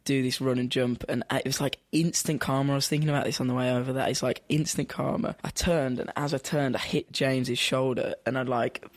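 A man's voice: mid-range voice, steady tone, fairly quick, few pauses, dry recording, studio quality. A young man, a musician guest in an interview, talking in a rambling, filler-heavy way with frequent laughs. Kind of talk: casual interview.

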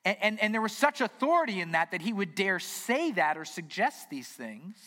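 A male pastor preaches a sermon in a slightly high voice and talks to his congregation in an earnest way. He often doubles words as he restarts a phrase, and the sound carries a long reverb from a large church sanctuary. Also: big pitch swings, moderate pace, pushed and bright.

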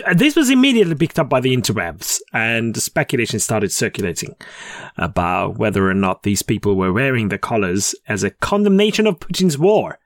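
A man co-hosting a podcast in chatty, joking talk. He laughs at his own puns and restarts his sentences now and then. His voice sits in a middle pitch and sounds dry and close. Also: no echo. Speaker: podcast co-host. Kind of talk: casual chat.

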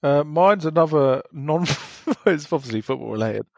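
Gravelly man telling a story with chuckles. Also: on the high side, lively intonation, normal speed, dry recording. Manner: amused, chuckles while telling stories. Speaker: podcast co-host. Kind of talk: casual storytelling chat.

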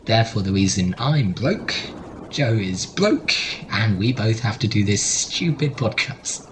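A man's voice: fairly low pitch, expressive, a little slow, background noise. Playful man in mock-serious podcast banter. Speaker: podcast co-host. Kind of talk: casual comedic chat.

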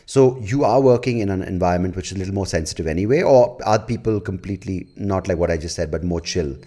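Male podcast host, low pitch, playful and quick to laugh. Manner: joking, laughs a lot, animated. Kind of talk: podcast interview.

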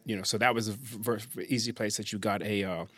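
A man's voice: on the low side, steady tone, quick pace, a bit bright, breathy edge, no room sound. A middle-aged man, a judge born in England, telling rambling stories in casual talk with many restarts and fillers. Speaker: judge, podcast guest. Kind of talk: casual conversational storytelling.

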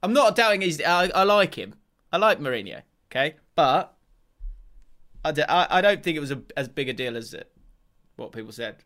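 A man's voice: a little high, sing-song, moderate pace, fairly bright tone. A man co-hosting a casual football podcast, chatty, laughing often and restarting his sentences. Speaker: podcast co-host.

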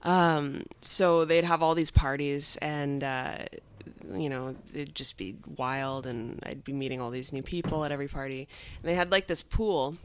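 A woman's voice: sits low, steady tone, normal speed, a little hiss or hum. A woman in her twenties telling a story in casual chat, filling her talk with "like" and acting out quotes. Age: 20s. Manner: chatty, heavy use of "like", acts out quotes.

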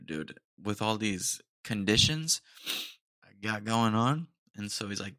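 A man's voice: fairly low pitch, animated, slow, pushed and bright, dry recording, clean studio sound. A man hosting a casual solo podcast, rambling and joking as he talks. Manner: rambling and jokey, says "dude" a lot. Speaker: podcast host.

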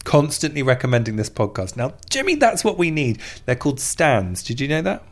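Male podcast host, mid pitch, playful and chatty, reads messages aloud. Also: sing-song, brisk. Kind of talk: casual chat.

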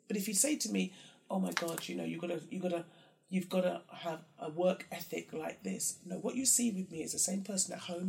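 Brief: woman guest, gravelly, animated, mimics others in quotes. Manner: animated, acts out quotes in high mocking voices. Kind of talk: candid conversation.

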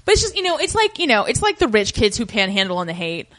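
Chatty woman podcast host. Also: fairly high pitch. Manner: chatty and animated, quick to laugh, many fillers. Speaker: podcast host recapping a TV show. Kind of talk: casual chat.

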